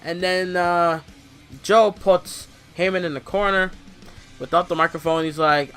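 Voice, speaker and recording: A young man giving a casual, rambling wrestling show recap, swearing freely and acting out quotes in sudden loud bursts. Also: high voice, steady tone, measured pace, soft background music.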